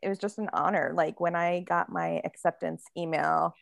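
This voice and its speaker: A woman author chats easily in a podcast interview, laughing often and padding her answers with fillers. Her voice is a little low for a woman and has a gravelly edge. The close mic gives a dry sound with almost no room in it. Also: steady tone, moderate pace, dry recording. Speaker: author guest. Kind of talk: casual interview chat.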